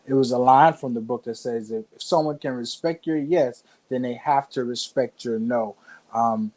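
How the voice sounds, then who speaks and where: Laid-back Southern man with a mellow voice. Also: mid-range voice, moderate pace, low-quality recording. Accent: Southern US country accent. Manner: laid-back, folksy, conversational, says "man" and "you know". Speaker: church co-host of a sermon recap. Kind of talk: casual church recap talk.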